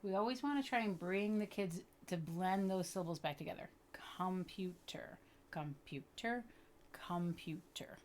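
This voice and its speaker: A woman's voice: on the low side, darkish tone, slight background noise. Patient woman teaching a reading lesson. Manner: patient, explanatory, checks in with "okay?"; sounds out words slowly. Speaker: literacy teacher. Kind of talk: instructional video lesson.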